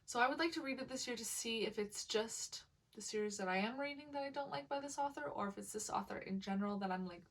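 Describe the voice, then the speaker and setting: Excitable book-vlogger woman, kinda high voice, sits back from the mic, gushes a lot. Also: fast, few pauses, far from the mic, rough recording. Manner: gushing, excitable, chatty with lots of fillers. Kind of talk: casual chat to camera.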